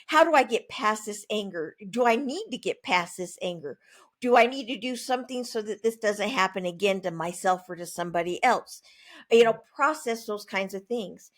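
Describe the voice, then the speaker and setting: A woman author speaking as a guest in a conversational interview, emphatic and plain-spoken, with animated asides. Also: mid-range voice, moderate pace.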